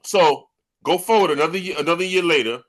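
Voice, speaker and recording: A man's voice: on the high side, fast. An older man telling rowdy stories with old teammates in casual chat, swearing freely and tagging lines with "man" and "right?". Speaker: host.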